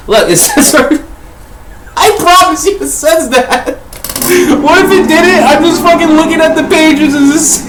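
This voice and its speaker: A man's voice: on the high side, a little hiss or hum. A man hosting a casual book discussion, rambling and swearing freely as he corrects himself mid-thought. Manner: profane, rambling, self-correcting. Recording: echoey room.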